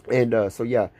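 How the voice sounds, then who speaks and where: A man's voice: medium pitch, vocal fry, mellow, husky, dry recording. A young man talking straight to camera in a casual vlog, rambling and intense, with many restarts. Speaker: vlogger.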